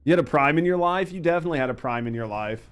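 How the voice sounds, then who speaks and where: A man's voice: fairly high pitch, animated, rapid-fire, clear, resonant tone. Profane joking male game streamer. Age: 30s. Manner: profane, joking, reads chat aloud while playing. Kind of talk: casual gaming stream chat.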